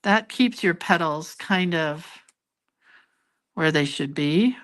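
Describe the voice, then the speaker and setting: A woman's voice: lowish voice, animated, slow, fairly bright tone. An older woman hosting a casual live drawing lesson, chatting and laughing at her own mistakes as she goes. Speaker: hand-lettering and doodling teacher.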